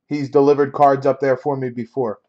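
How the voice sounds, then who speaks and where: A man's voice: mid-range voice, level tone, unhurried, gravelly, highs cut off. Exasperated man hosting a card break. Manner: exasperated, repetitive, loud outbursts. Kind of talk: casual live-stream banter.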